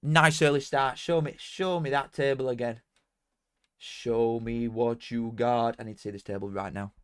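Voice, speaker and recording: A young man with a Yorkshire accent hosts a casual football watchalong stream. He chats loosely, swears freely, and flares up quickly as results come in, in an ordinary middle-pitched voice. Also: smooth. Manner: excitable, swears freely, bursts into shouting at goals. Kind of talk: casual live stream commentary.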